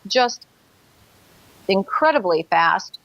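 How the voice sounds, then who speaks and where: A woman's voice: mid-range voice, lively intonation, slow pace, gravelly, a bit bright, no echo, dull audio. A woman telling her own experience as a guest in an interview, earnest, acting out her past thoughts. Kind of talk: personal account in an interview.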